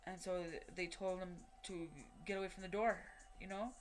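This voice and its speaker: A woman's voice: on the low side, steady tone, moderate pace, faint music behind. Woman telling a story with lots of cursing. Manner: rambling and heavily profane, with many fillers and restarts; re-enacts what people said in quoted dialogue. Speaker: vlogger telling a personal story. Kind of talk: casual spoken storytelling.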